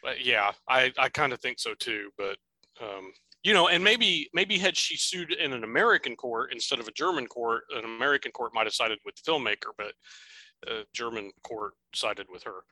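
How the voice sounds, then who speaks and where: A man's voice: mid-range voice, expressive, normal speed, sharp tone, dry recording, low-quality recording. A man co-hosting a podcast, talking casually about an old film in a thoughtful, rambling way. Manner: thoughtful, rambling, with fillers and restarts. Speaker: podcast co-host.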